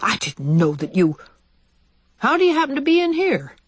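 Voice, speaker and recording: A woman voicing a kindly older male white mouse in a storybook, courteous and measured. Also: high voice, wildly swooping pitch, breathy edge, dry recording, pitched above the performer's own voice, heavily acted.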